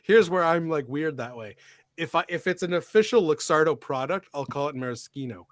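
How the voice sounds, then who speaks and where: A man's voice: on the high side, a little fast, no echo, clean studio sound. A man hosting a livestream, chatting casually while mixing cocktails, playful and fussy about how drink names are pronounced. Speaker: bartender host.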